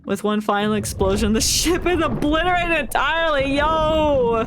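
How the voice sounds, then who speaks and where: Against a noisy background, a streamer with a high-pitched voice reads a game's story aloud at normal speed. They break in with playful, joking reactions and laugh frequently.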